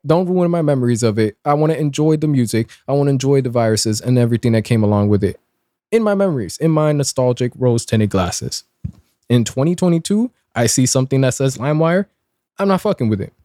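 A man in his twenties hosting a casual commentary show, sarcastic and blunt, with lively swings in pitch. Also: no echo, studio quality. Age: 20s. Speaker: commentary host.

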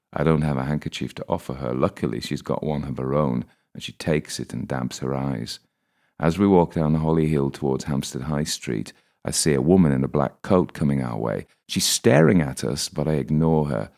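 A man's voice: extremely low pitch, normal speed, dark tone. A man narrating a first-person audiobook in a wry, dry manner.

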